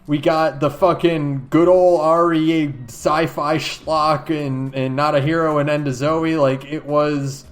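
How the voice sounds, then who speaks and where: A man's voice: on the high side, level tone, slow, few pauses. A man co-hosting a podcast in casual chat. He is laid-back and swears casually, with plenty of fillers. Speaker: podcast co-host.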